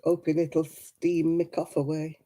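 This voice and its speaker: Middle-aged Lancashire woman, soft mellow tone, rough coughing throat, chatty and giggly stream host. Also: low voice, level tone, measured pace. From Lancashire, England. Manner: chatty, giggly, addresses viewers by name. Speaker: crafting livestream host. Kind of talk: chatty live stream, reading chat.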